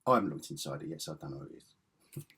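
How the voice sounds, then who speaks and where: A man's voice: a bass voice, expressive, rapid-fire, sharp tone, breathy edge. A man chatting casually as he shows off his comic collection, enthusiastic and rambling with chuckling asides. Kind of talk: casual show-and-tell chat.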